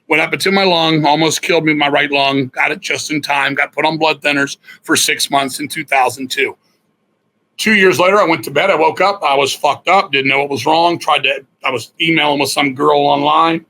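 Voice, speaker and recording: A middle-aged man, a guest musician, telling stories in a blunt, profane, animated way. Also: fairly high pitch, moderate pace, low-quality recording. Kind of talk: casual storytelling interview.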